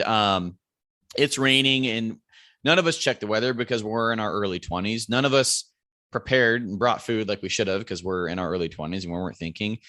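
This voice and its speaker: A man with a bright, forceful voice tells a hunting story as a podcast guest, animated and loose-tongued. He swears freely and pitches up to act out friends yelling across a mountainside. The sound is dry and close, with no room around it. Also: no room sound. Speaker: podcast guest, bow hunter. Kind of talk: casual hunting story telling.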